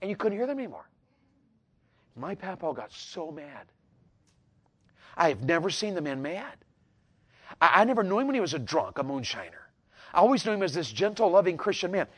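A man telling a folksy personal story, animated and repetitive, rising to loud peaks. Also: high-pitched, fairly quick, long pauses, husky. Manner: animated, repeats words, builds to loud peaks. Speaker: storyteller speaker.

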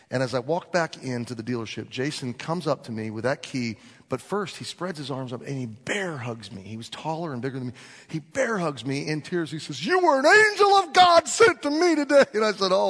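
A man preaching a sermon, telling a story and acting out the dialogue with lively swings in voice. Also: medium pitch. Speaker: pastor. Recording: long reverb of a large hall.

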